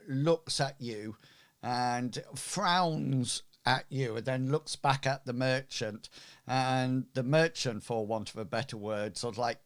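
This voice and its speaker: A man narrating a tabletop game as game master, unhurried and full of fillers. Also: medium pitch, clear, resonant tone.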